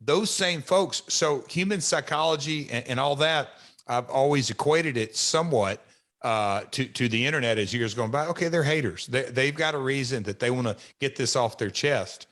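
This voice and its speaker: A man's voice: medium pitch, moderate pace, a bit bright. Rambling man telling wrestling stories. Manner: rambling, many restarts and fillers, laughs often. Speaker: podcast host, former wrestler. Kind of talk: casual storytelling chat.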